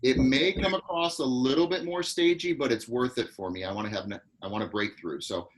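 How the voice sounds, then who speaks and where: A man acting coach leading a live online class, giving quick, directive notes over a video call. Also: mid-range voice, poor audio.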